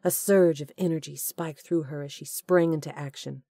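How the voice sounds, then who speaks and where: Woman reading an audiobook, low steady voice, dry close sound. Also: normal speed, vocal fry, no echo. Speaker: audiobook narrator. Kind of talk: scripted narration.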